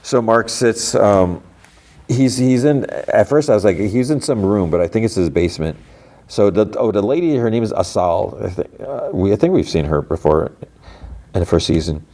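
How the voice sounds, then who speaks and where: A man's voice: lowish voice, lively intonation, normal speed, warm tone. A man hosting a podcast, casually recapping a TV episode in a loose, rambling way full of filler words. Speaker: podcast host.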